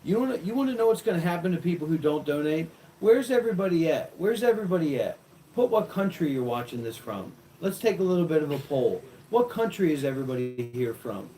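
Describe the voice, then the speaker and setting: A man's voice: on the high side, a little mellow, a little hiss or hum, rough recording. A man hosting a comedic livestream as a mock guru, crude and taunting, ranting at his viewers. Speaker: host.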